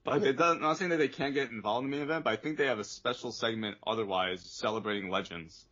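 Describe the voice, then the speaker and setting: Husky man making emphatic points. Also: medium pitch, fast talker, pushed and bright. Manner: emphatic, profane, explains at length. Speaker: podcast co-host. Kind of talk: casual wrestling chat. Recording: dull lo-fi podcast audio.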